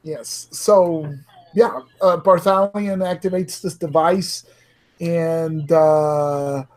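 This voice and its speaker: A man playing a tabletop game over a video call, talking hesitantly with many pauses and fillers. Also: a little high, steady tone, darkish tone. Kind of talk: casual game chat.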